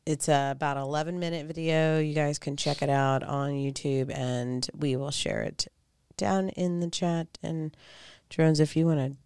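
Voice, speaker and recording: A woman co-hosting a live news commentary show, talking in casual chat with animated, incredulous remarks. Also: low-pitched, moderate pace, clean tone, dry recording.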